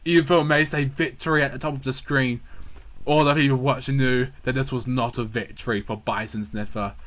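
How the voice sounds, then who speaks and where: A man's voice: mid-range voice, fairly even intonation, fairly quick, a bit bright. Playful man narrating a battle game. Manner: playful, stumbling, laughing asides.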